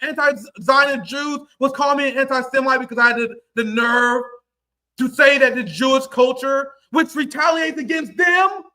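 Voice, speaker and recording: A man rants on his livestream in a very high, piercing voice. He is angry and profane and keeps tipping into shouts. His tone stays sharp and tense throughout. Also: fairly even intonation, moderate pace. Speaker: livestream host. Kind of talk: heated livestream rant.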